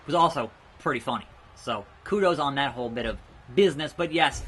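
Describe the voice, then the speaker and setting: Chatty young man with a bright voice. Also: a little high, slight background noise. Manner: chatty, rambling, reacts loudly to gameplay. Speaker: gaming YouTuber. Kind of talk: let's play commentary.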